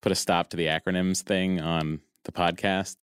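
A man's voice: sits low, flat delivery, moderate pace, clean tone, no echo, clean studio sound. A man guest chatting casually, joking and rambling with lots of fillers. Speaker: podcast guest. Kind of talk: casual chat.

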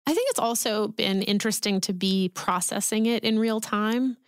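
A woman guest talks in a casual, thoughtful way, with a gravelly, vocal-fry edge to her voice. The sound is dry and close, with no room around it. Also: mid-range voice, moderate pace, no room sound. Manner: thoughtful, reflective. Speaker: podcast guest, author. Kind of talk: casual chat.

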